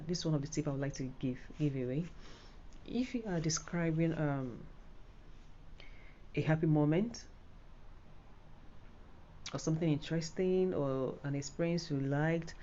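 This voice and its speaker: A woman's voice: low-pitched, mellow, highs cut off, a little hiss or hum. A Nigerian woman giving a casual, rambling spoken tutorial on an exam, full of fillers and restarts. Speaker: IELTS tutor.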